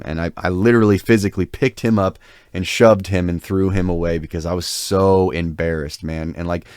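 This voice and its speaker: Low smooth guy telling a long awkward story, lots of likes and ums, dry sound. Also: steady tone, brisk, a little mellow, no echo. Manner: rambling, filler-heavy, self-deprecating. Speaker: podcast co-host. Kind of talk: casual storytelling.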